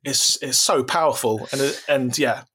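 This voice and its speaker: An enthusiastic man chatting as a podcast guest. He rambles, restarts his sentences and piles up repeated words, at an ordinary middle pitch. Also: unhurried, bright, forceful tone, a little hiss or hum. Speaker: podcast guest, horror writer and producer. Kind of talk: casual chat.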